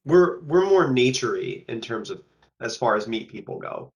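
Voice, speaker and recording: A man's voice: medium pitch, very animated, normal speed, dull audio. A man playing a tabletop game, speaking hesitantly in and out of character, repeating words. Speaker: player.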